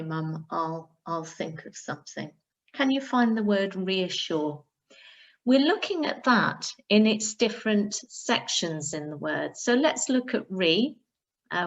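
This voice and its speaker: A woman primary school teacher, giving a recorded reading lesson, sounding out words slowly and carefully for pupils. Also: medium pitch, lo-fi sound.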